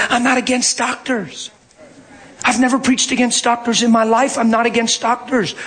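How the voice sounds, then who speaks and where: Brief: male preacher with a high voice, animated sermon storyteller. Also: moderate pace. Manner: animated, swings from low murmurs to shouting. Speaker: pastor.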